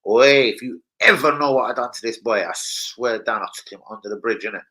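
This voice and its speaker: Chatting casually on his live football stream, a Londoner with a London accent tells rowdy stories packed with swearing, loudly and with bursts of shouting. His mid-range voice is brisk, and the audio is poor.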